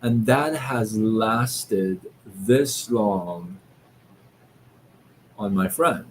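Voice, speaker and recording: A man hosting a live stream, giving a casual motivational talk in a slow, reflective way, with many fillers and restarts. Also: fairly low pitch, a little hiss or hum. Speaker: livestream host. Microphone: live-stream setup.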